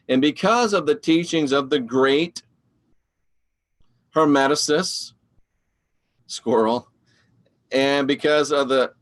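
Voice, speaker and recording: A man hosting a live online show, talking in a rambling, animated and preachy way while answering viewer comments. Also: mid-range voice. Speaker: online show host reading live chat. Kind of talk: casual live-stream talk.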